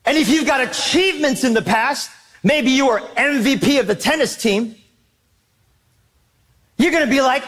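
A man preaching a sermon as pastor, emphatic and animated, asking the congregation questions. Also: very high-pitched, normal speed, pauses often.

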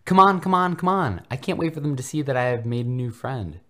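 A frantic, overeager young boy squeals his welcomes in a high, excited voice, as a man puts him on. He is pious and friendly, with a sly edge, in a comedy fanfic reading. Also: moderate pace. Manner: screeches excitedly, very eager.

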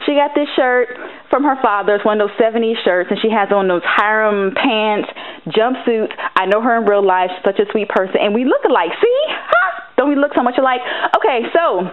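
A sassy, animated woman chatting to viewers as a fashion vlogger. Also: a little high, brisk, slight background noise. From United States. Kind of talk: casual chat over photo slideshow. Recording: tinny phone-like audio.

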